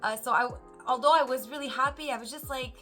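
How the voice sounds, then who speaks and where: A woman's voice: sits high, fast talker, soft background music. A woman, a mother, casually telling a story to camera and animatedly acting out what others said. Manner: animated, acts out quoted voices. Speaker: mother vlogger.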